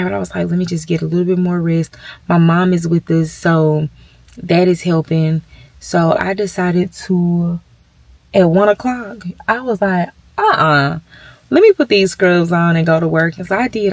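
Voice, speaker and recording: A woman's voice: lowish voice, gravelly, darkish tone, no echo. Emotional woman vlogging in a dry room. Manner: emotional, talks straight to viewers. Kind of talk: casual vlog update. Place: at her workplace.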